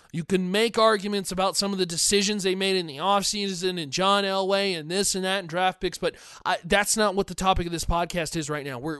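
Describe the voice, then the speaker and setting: High-voiced opinionated man on a podcast. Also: a bit bright, smooth, no echo, clean studio sound. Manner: opinionated, digressive, repeats himself. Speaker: podcast host. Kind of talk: sports podcast commentary reading fan comments.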